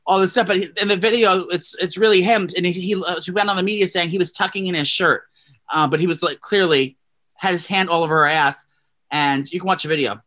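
A man's voice: sits high, steady tone, fast, bright, forceful tone. A young man co-hosting a podcast, chatting casually and gossiping in a rambling way full of fillers and restarts. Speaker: podcast co-host.

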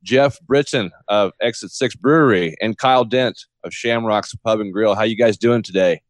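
A man's voice: lowish voice, normal speed, no room sound, studio quality. A man hosting a casual interview over a video call, joking and sarcastic. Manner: jokey, sarcastic, relaxed. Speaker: podcast host.

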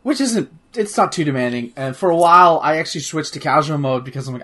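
A man's voice: fairly high pitch, animated, quick pace, few pauses, fairly bright tone. A man in casual chat, talking about a video game in a rambling way with many fillers and restarts, swearing now and then. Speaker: podcast host reviewing a video game.

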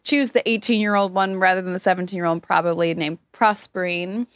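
A woman's voice: on the low side, fairly even intonation, fairly quick, dry recording, clean studio sound. A woman casually summing up a novel's plot in a chat with friends, slipping into mocking voices for the characters.

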